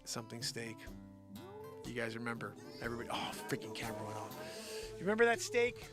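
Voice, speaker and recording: A man's voice: medium pitch, big pitch swings, fast, music in the background. A man hosting a live show and rambling jokily, often sliding into impressions. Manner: rambling, jokey, slips into impressions. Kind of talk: improvised comedic livestream rambling.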